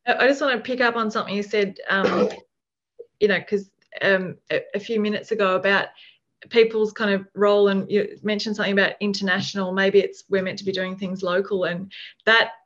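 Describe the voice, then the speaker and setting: A woman's voice: mid-range voice, level tone, fairly quick, fairly bright tone. A woman hosting a podcast, talking reflectively in a rambling way, full of fillers and restarts. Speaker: podcast host. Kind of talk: casual conversation. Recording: dull lo-fi sound.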